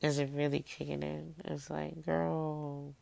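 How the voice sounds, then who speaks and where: A woman's voice: low voice, little pitch movement, a little slow, vocal fry, darkish tone, no room sound. A woman vlogging while sick and drowsy from cold medicine, slurring and rambling as she talks herself through it in a small room. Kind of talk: casual monologue to camera.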